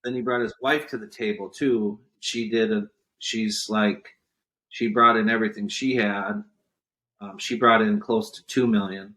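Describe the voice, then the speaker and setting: Speaking at a measured pace in a lowish voice, a man appears as a podcast guest entrepreneur. During this storytelling interview chat he recounts a business story, animatedly performing the quotes of other people.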